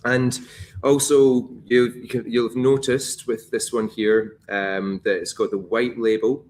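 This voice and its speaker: A man's voice: medium pitch, little pitch movement, a little slow, darkish tone, slight background noise. A man with a Scottish accent, a whisky brand ambassador talking casually through a tasting, rambling with fillers and restarts. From Scotland.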